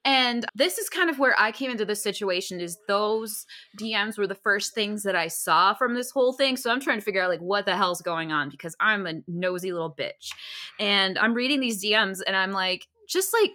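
A woman co-hosting a podcast, telling a story in casual chat, animated, laughing often and full of fillers. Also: medium pitch, moderate pace. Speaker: podcast co-host.

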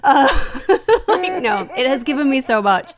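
A woman's voice: high voice, unhurried, a crowd in the background. A woman co-hosting a wrestling podcast in casual chat, joking and laughing often. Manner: laughs often, jokey, animated. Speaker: podcast co-host.

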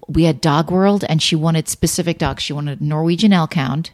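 A woman from New Jersey chats as a podcast guest, telling candid, self-mocking stories. Her voice sits low, and the studio sound is close and dry. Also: moderate pace, darkish tone, dry recording. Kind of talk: casual chat.

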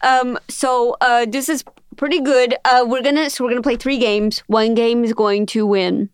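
A woman's voice: a little high, fairly even intonation, normal speed, clear, resonant tone, no echo, studio quality. A woman co-hosting a comedy game podcast, playful, teasing and mock-indignant in casual chat. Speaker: podcast co-host.

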